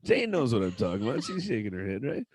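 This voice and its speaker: A man's voice: fairly low pitch, sing-song, quick pace, darkish tone, a little hiss or hum. A man hosting a casual interview chat, crude and joking, swearing freely. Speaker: host.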